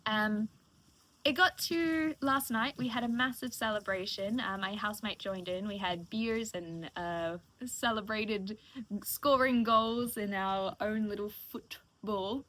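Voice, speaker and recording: A live streamer in her late twenties chats casually and heartfelt with her viewers, rambling and emotional as she thanks them. Her medium-pitched voice is unhurried, sounding pushed and bright.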